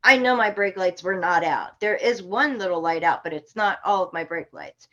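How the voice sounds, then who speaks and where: A woman from Florida, a podcast guest, telling a story in an animated, indignant way with sharp outbursts. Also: fairly low pitch, normal speed, dull audio. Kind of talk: casual storytelling.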